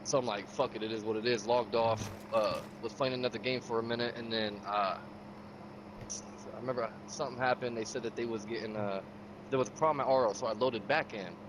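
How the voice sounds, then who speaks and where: Fast-talking profane gamer man. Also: mid-range voice, steady tone, background noise. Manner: profane, streetwise, acts out quotes. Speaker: gamer recounting a session. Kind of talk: casual storytelling.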